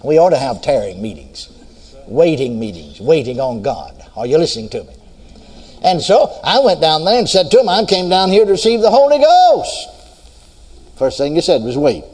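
A man's voice: on the high side, sing-song, normal speed, a little mellow, breathy edge, long reverb tail. A man preaching a sermon, telling his story and quoting scripture in a swinging preaching cadence.

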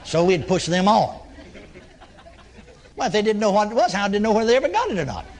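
A man's voice: high voice, very animated, fast, slight background noise. A man preaching in a folksy storytelling sermon, acting out his talks with people who came for prayer and chuckling between points. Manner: folksy, acts out dialogue with congregants.

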